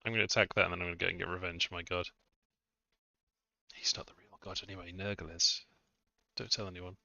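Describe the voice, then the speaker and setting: A low-pitched man with a very bright, forward tone talks through a game session in a loose, chatty way, muttering asides and poking fun at himself. The sound is dry and close, a little dull and lo-fi, like a basic desk mic. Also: flat delivery, quick pace, gravelly, no echo. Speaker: game modder streaming a test session. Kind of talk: casual live-stream commentary.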